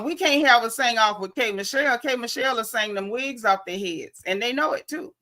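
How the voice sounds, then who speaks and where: A woman's voice: fairly high pitch, bright, forceful tone. Sassy Southern woman dishing gossip. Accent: Southern American. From American South. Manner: sassy, blunt, talks straight to viewers. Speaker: host. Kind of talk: casual gossip commentary.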